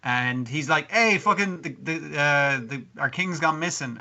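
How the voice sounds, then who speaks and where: A man's voice: on the high side, animated, a little slow, few pauses, bright, forceful tone, dull audio. A man co-hosting a podcast, recapping an anime episode in casual chat, swearing and laughing as he quotes the characters. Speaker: podcast co-host.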